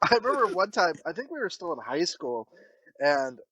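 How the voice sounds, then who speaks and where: A man with a bright, high voice tells stories on a podcast, cussing as he goes. His pitch swings widely, and the recording is close and dry. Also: sing-song, normal speed, husky, dry recording, poor audio. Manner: profane, laughing anecdote teller. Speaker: podcast co-host. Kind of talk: casual chat.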